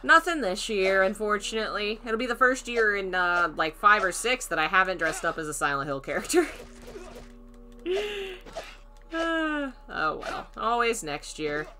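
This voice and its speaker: A woman's voice: medium pitch, lively intonation, moderate pace, bright, forceful tone, faint music behind. A woman streaming a horror game, chatting casually, thinking aloud, greeting viewers and laughing often. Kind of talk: casual let's-play commentary.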